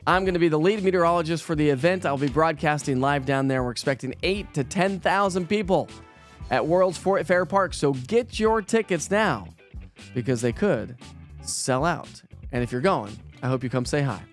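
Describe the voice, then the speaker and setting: Faint music plays behind this Colorado host's fairly high voice as he speaks at normal speed. He runs a laid-back morning weather stream, chatting with viewers, making self-deprecating jokes, laughing often, and stumbling over words.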